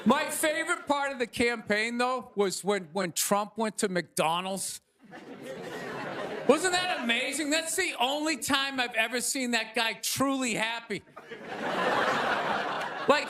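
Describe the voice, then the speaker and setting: A male stand-up comedian ranting with exasperated bursts of shouting, on stage before a live audience. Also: very high-pitched. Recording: audience laughter and noise.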